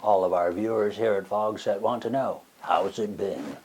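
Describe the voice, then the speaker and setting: A man's voice: lowish voice, moderate pace, a little mellow, slightly rough. A man hosting a spoof interview show, asking questions in a stiff, overly formal way. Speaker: talk show host.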